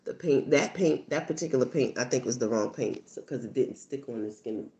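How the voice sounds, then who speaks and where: Brisk and casual, this livestream host tells stories with lively energy and sudden laughter, though the highs in the audio are cut off. Quoted lines come out in squeaky high voices, and her asides sink to a near whisper.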